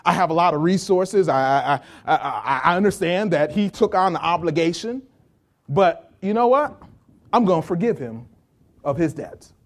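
A pastor acting out a deep-voiced merciful master. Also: male voice, lively intonation, moderate pace, lightly acted. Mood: solemn, merciful. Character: wealthy merciful male master in a parable.

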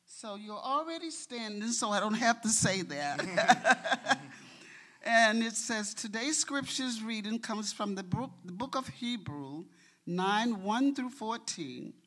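A woman's voice: on the high side, expressive, slow pace, a bit bright. A middle-aged woman giving a heartfelt testimony in a church before reading scripture. She speaks earnestly and says openly that she is nervous. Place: church sanctuary.

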